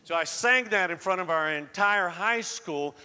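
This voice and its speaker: A man's voice: sits high, measured pace, sharp tone, smooth, big-room sound. A man from the American South with a slight Southern accent, preaching a sermon in a conversational storytelling way that rises to fervent emphasis. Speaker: pastor.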